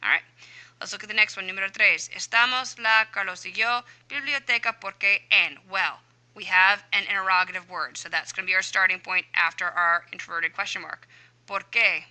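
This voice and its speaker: A woman Spanish teacher walks students through an answer key, narrating each step aloud in a chatty, self-talking way. Her voice is very bright and crisp, pitched in a middle range for a woman. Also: a little fast, low-quality recording. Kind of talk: explaining a homework answer key.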